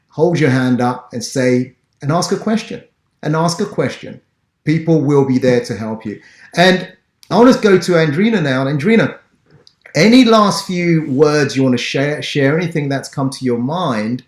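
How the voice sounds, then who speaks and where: Encouraging English-accented male host, roomy sound. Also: medium pitch. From Ghana. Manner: encouraging, motivational. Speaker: podcast host. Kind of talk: business interview. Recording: roomy echo.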